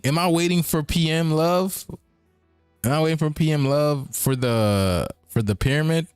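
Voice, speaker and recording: A man's voice: a little high, smooth, dry recording. Rambling man hosting a casual stream. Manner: rambling, repetitive, chuckling asides. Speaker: streaming show host. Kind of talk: casual livestream talk.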